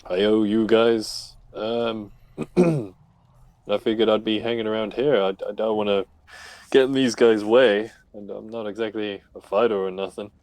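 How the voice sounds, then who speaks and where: A shy, brawny fellow who stammers through his words and keeps putting himself down, as a male player voices him. The voice sits fairly low and dry, close to the mic. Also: fairly even intonation, measured pace, darkish tone, no echo, natural voice. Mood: humble. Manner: stammering, self-deprecating. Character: shy brawny man, humble and awkward.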